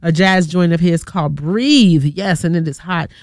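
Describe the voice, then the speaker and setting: A woman's voice: lowish voice, moderate pace, no echo. A woman radio DJ chatting casually on air in a studio, upbeat and slangy, talking straight to her listeners. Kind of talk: casual radio show chat.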